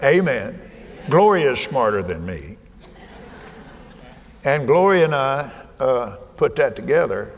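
An older man preaching a sermon in a folksy way, dropping to soft murmurs and rising to shouts. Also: medium pitch, very animated, takes it slowly, long pauses. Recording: hall reverb, faint ambience.

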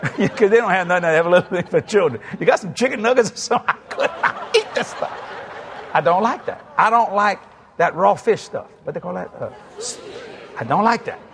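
There's some chatter in the background as a man in his sixties, a preacher with a South Louisiana Cajun accent, speaks in a high-pitched, gravelly voice at a brisk clip. His sermon is full of humorous tales, with both sides of conversations acted out and chuckling asides, all delivered animatedly.

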